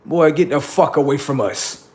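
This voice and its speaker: A man's voice: a little high, moderate pace, husky. A man hosting a livestream, delivering a heated, profane and confrontational political rant that taunts his listeners. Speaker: livestream host.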